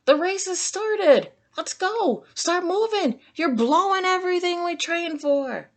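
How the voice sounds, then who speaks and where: A woman voicing a frantic male sea sponge coach who yells at his snail. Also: lively intonation, a little slow. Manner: shrill, yelling.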